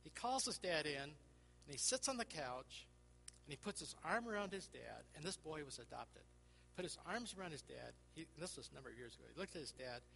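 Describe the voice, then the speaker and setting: A man preaching through a personal counseling story, acting out the dialogue, laughing often and dropping to a hushed voice. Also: fairly high pitch, lively intonation, a little fast, gravelly, big-room sound, slight background noise, low-quality recording. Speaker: Christian speaker and counselor.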